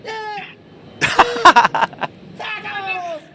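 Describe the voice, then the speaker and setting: A man's voice: very high-pitched, drawn-out words, voice pushed up, heavily acted. A man doing a brawling Scouse lout. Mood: belligerent. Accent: Scouse, exaggerated. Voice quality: shouty, sing-song, sweary. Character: rowdy Liverpool lout spoiling for a fight. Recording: distant mic, loud traffic noise.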